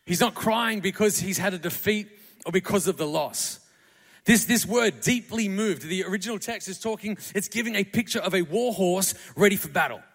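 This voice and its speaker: A man preaching a sermon to a congregation, building from quiet, tender passages to fervent, shouted crescendos. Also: sits high, normal speed. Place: church hall. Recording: long hall reverb.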